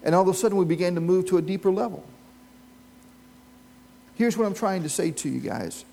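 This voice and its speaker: Man, pastor, sermon, slightly high voice, storytelling, questions to the congregation. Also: lively intonation, brisk, gravelly, warm tone. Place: church with a live congregation.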